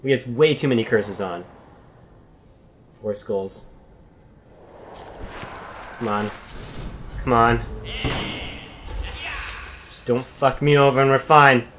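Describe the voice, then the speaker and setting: A male gaming host giving let's play commentary, excitable and swearing, often yelping in fear. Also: medium pitch, slow, pauses often, slight background noise.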